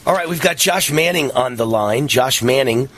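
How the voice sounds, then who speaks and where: A man with a husky, somewhat breathy voice hosting a talk radio show. He talks in an emphatic, combative way, reading sponsor copy and pressing his guest. His pitch sits in an ordinary middle range. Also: moderate pace, a bit bright.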